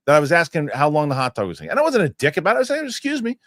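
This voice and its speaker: Man, podcast co-host, lively swooping pitch, swears a lot, dry close mic. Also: rapid-fire, no echo. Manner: animated storyteller, swears freely. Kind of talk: casual film chat.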